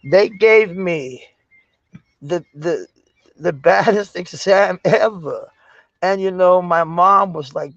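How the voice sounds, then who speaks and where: A Danish man speaking English with a Danish accent tinged with American, chatting casually with viewers, halting and searching for words with many fillers and restarts. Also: fairly high pitch, big pitch swings, dry recording, muffled recording. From Denmark. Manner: swears casually. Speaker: live-stream host chatting with viewers. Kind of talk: casual chat.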